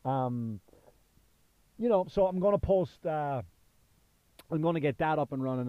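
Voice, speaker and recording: A stand-up comedian from Ireland, in his thirties, hosts his own podcast in a casual solo monologue, rambling with lots of fillers and restarts. His Irish accent has been worn down by years in the US. His voice is medium in pitch, with no echo, though the recording sounds muffled.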